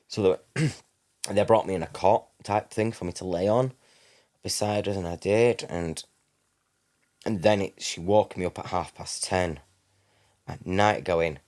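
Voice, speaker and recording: A man's voice: low-pitched, normal speed, darkish tone. A man, telling a personal story in a rambling way, correcting himself and acting out what people said. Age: 30s. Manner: rambling, self-correcting, acts out quoted dialogue. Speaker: guest.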